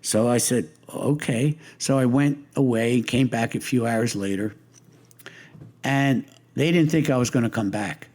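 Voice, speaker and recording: An older male guest in a laid-back interview relates long stories, rambling and amused, with frequent restarts. His medium-pitched voice is slightly mellow, and he speaks a little slowly.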